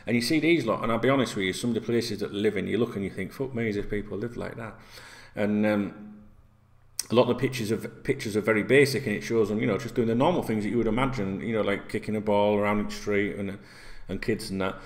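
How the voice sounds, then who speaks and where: A man's voice: on the low side, fast talker. A man talking casually and directly to his viewers as a football vlogger, swearing freely and dropping lots of "right?" and "you know" into his sentences.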